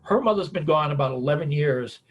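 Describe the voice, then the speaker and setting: A man's voice: a little high, animated, a little fast. A middle-aged American man giving a folksy, anecdotal talk on caregiving and grief, often tagging his sentences with "man" and "on it.". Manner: folksy storyteller, repeats "man, on it". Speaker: caregiving speaker.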